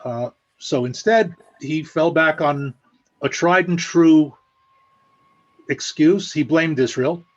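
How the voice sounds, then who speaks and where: A man giving a measured, explanatory analysis with dry, sarcastic asides over a video call. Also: a little high, dull audio. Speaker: guest analyst. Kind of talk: spoken analysis at an online meeting.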